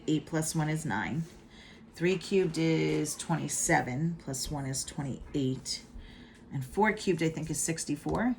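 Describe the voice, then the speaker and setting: A deep-voiced middle-aged math teacher records a casual video lesson at home, chatting playfully through every step. She uses hype catchphrases, and there's slight background noise.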